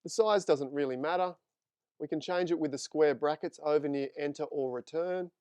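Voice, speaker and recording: A man's voice: a little high, moderate pace, darkish tone, smooth, no room sound. A man teaching photo editing in a live screen-share tutorial, chatting with viewers as he works. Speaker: photography instructor.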